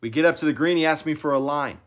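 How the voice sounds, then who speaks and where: Boastful, animated male caddie storyteller. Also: fairly high pitch, fast talker. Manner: animated, boastful, laughs between lines. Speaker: golf caddie. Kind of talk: comedic storytelling.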